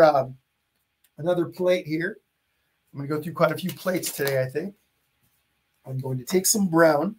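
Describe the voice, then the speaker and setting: Male art instructor, live stream, friendly and chatty, slightly higher voice with a husky edge. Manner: chatty, greets viewers by name. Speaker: painting instructor. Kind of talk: live-streamed painting lesson.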